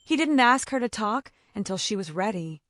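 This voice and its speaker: A woman narrating a scripted dramatic story in an expressive way. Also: medium pitch, normal speed, slight background noise.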